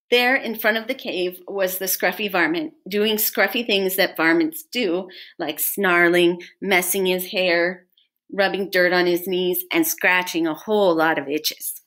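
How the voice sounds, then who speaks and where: A woman reading a storybook aloud to children as a teacher, pausing to ask her listeners questions. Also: on the low side, a bit bright.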